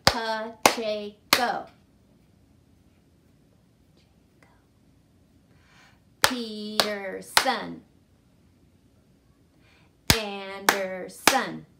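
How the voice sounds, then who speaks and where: Slow-spoken woman teacher. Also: medium pitch, creaky, heavy background noise. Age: adult with a son. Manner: slow and sing-song, clapping syllables aloud. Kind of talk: children's lesson.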